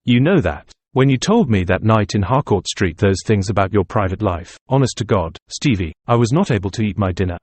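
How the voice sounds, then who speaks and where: A man's voice: fairly low pitch, animated, brisk, hardly any pauses, darkish tone, dry recording. A man voicing a simple, earnest young male student nationalist who talks in a plain, homely way, in an audiobook reading. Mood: troubled.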